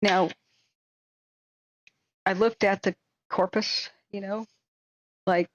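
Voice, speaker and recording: Animated woman telling a rambling story. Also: mid-range voice, slow pace, no room sound, dull audio. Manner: animated, rambling, acts out quotes with shrieks and laughs. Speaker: livestream host. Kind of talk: casual storytelling on a livestream.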